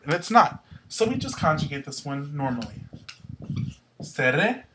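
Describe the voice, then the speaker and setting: A man's voice: a little high, fairly bright tone, slight background noise. Man teaching a grammar lesson. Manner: explains step by step, checks in with "okay?". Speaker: Spanish teacher.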